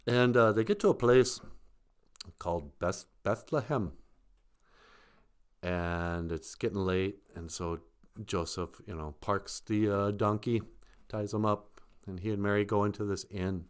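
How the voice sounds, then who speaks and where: A man's voice: lowish voice, measured pace, pauses often, smooth. A man casually retelling a story on a live stream, joking and chuckling.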